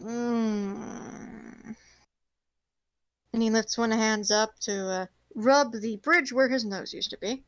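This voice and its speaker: A woman's voice: on the high side, normal speed, few pauses, fairly bright tone, no echo. A woman narrating a tabletop game as the game master. She rambles expressively and swears casually.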